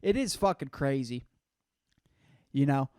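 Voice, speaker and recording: A man's voice: medium pitch, lively intonation, measured pace, dark tone, smooth, no room sound. A man in his twenties hosting a solo comedy podcast, rambling and swearing constantly, peppering his talk with "dude" and "man". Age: 20s. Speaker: podcast host.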